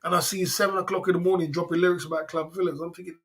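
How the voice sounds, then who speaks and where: A man's voice: sits high, fairly even intonation, racing, a bit bright. A man hosting a livestream, rambling and teasing viewers with chuckles in casual banter. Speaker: livestream host.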